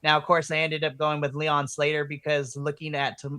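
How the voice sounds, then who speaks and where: A woman co-hosting a podcast, recapping wrestling in casual, excitable chat that swings into loud, animated retellings. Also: low voice, fairly quick, dry recording. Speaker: podcast co-host.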